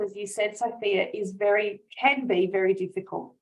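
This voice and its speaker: A woman's voice: mid-range voice, steady tone, normal speed, few pauses, rough recording. Heartfelt woman business coach chatting. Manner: earnest, heartfelt, laughs often, many restarts. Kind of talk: casual interview chat.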